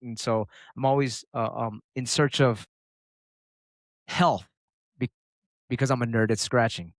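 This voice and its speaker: A middle-aged turntablist from the US, interviewed as a guest, talks in an unhurried, medium-pitched voice with no echo. He's casual, profane and animated, acting out quotes.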